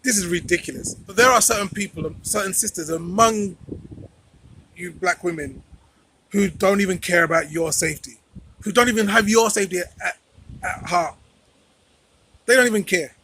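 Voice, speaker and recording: A man's voice: high voice, normal speed, pauses often, bright, forceful tone, slight background noise, rough recording. A man talking straight to camera in a commentary vlog, emphatic and repeating phrases for stress. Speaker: vlogger.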